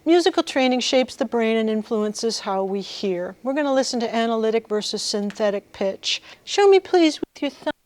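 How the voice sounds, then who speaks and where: A woman giving a workshop lecture to music students, lively and engaging the audience with questions. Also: a little high, moderate pace, hardly any pauses. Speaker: guest lecturer.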